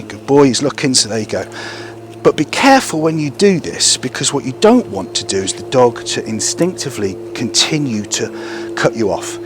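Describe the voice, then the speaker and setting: A man's voice: mid-range voice, background noise. A man training a young gundog outdoors, explaining to camera between short bursts of praise and commands to the dog.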